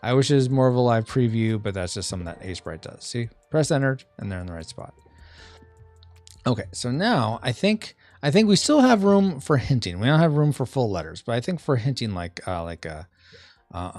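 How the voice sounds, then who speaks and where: A man hosting a casual art live stream, thinking out loud as he works, reading chat messages and making playful sound effects. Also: mid-range voice, expressive, normal speed, dry recording, soft background music. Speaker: streamer and podcast host.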